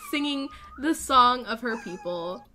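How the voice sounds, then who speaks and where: A young woman giving casual gameplay commentary as a let's play host, gushing and excitable, often gasping. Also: a little high, unhurried, a little hiss or hum.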